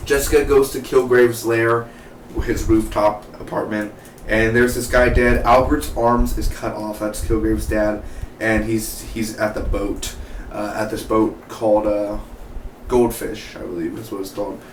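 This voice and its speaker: Excitable man reviewing TV, chatty, distant mic, roomy echo, faint hum. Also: fairly low pitch, a little slow. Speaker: TV show reviewer. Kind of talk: casual spoken episode review.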